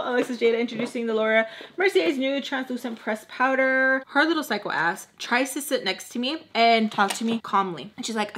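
A young woman telling a casual, profane storytime while doing her makeup, animated and full of "like". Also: on the high side, fairly quick, a little hiss or hum. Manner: animated, profane, quoting others with lots of "like".

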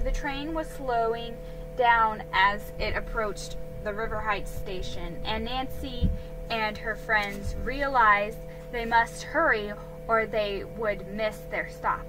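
A woman reading a mystery story aloud in a calm, measured way, over background music. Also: on the high side, low-quality recording.

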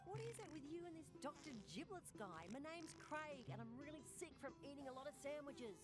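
Jittery queasy alien. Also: female voice, sits high, big pitch swings, fairly quick, over music. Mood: nervous. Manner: jittery, defensive, giggly. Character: nervous queasy alien townsperson.

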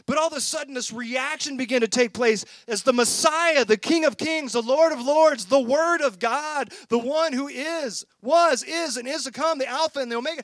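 A man pastor preaching a sermon with impassioned swings between loud emphasis and hushed intensity. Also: extremely high pitch, dry recording, studio quality. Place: church.

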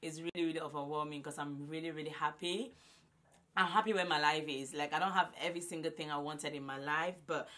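Loud effusive woman in her twenties. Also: deep voice, steady tone, brisk. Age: 20s. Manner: loud and effusive, repeats herself. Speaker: vlogger. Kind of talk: casual vlog to camera. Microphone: phone camera.

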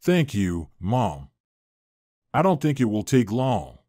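A man's voice: medium pitch, big pitch swings, slow pace, mellow, dry recording, studio quality. A man voicing a polite, concerned young man who is helping a lost girl, in an earnest, courteous tone.

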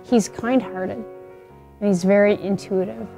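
A woman who leads a paramedic peer support program, speaking earnestly and in a measured way in a documentary interview. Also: medium pitch, steady tone, gravelly, music in the background.

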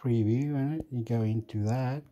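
A man's voice: medium pitch, steady tone, moderate pace, dark tone, lo-fi sound. A man rambling to himself while reviewing an app, mumbling and getting annoyed at it. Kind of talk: rambling screen-recording chat.

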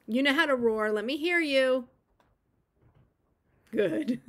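A woman who teaches preschool, reading a picture book aloud to young children and gently encouraging them to join in. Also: high-pitched, expressive, takes it slowly, long pauses.

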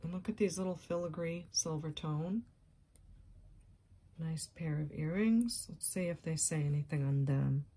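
Soft-spoken woman gushing over jewelry. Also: deep voice, unhurried, a little hiss or hum. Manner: gushing, excited exclamations. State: scratchy voice. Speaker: jewelry haul vlogger. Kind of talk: casual show-and-tell chat.

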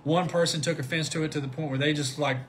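A man giving an informal Bible study talk, animated, often repeating words and rising to near shouts at high points. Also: fast, a little hiss or hum. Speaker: Christian video preacher.

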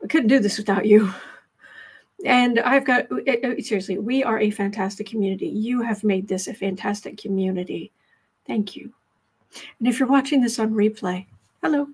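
A woman's voice: medium pitch, normal speed, a little mellow, breathy edge. A woman hosting a daily tarot livestream in a casual, rambling chat, with asides to her viewers. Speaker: livestream tarot reader and host.

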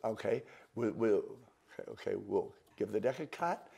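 An older man, a magician, telling stories and walking through a card trick, lively and repeating words. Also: fairly low pitch, moderate pace, vocal fry, breathy edge. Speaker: magician, interview guest. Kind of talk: storytelling and card demonstration.

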